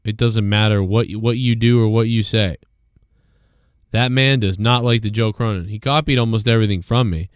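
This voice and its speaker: A man's voice: lowish voice, steady tone, normal speed, smooth, dry recording, clean studio sound. A man hosting a live show, ranting casually and swearing often as he rambles. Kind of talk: casual live-stream rant.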